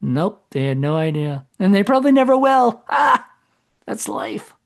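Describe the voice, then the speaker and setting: A man's voice: high-pitched, very animated, moderate pace, vocal fry. A man co-hosting a podcast in casual chat, rambling and correcting himself as he goes. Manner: rambling, self-correcting, trails off. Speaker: podcast co-host.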